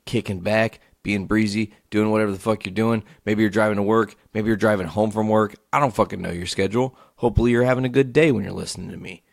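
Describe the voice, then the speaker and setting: A man hosting a solo podcast, telling a story as a profane, animated rant. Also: lowish voice, fast, creaky, few pauses, no echo, studio quality. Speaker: podcast host.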